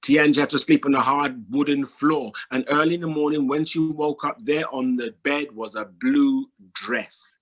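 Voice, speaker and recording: A man telling a folk tale aloud to an audience, rhythmic and repetitive with dramatic pauses. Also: mid-range voice, steady tone. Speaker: storyteller.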